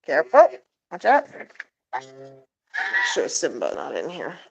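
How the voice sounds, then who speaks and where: A woman's voice: low-pitched, huge pitch swings, slow pace, vocal fry, a little mellow, husky. A woman vlogger chatting casually while outdoors by an animal coop at night, coaxing and fondly talking to her animals. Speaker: pet owner vlogger. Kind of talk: casual chat while doing evening chores.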